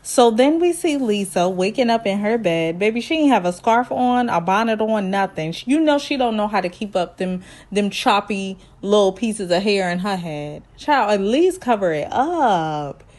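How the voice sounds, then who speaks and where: A woman giving a casual, slangy recap of a reality show, lively and quick to act out the people she quotes. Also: medium pitch. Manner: animated, slangy, acts out quotes in voices. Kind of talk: casual sassy recap commentary.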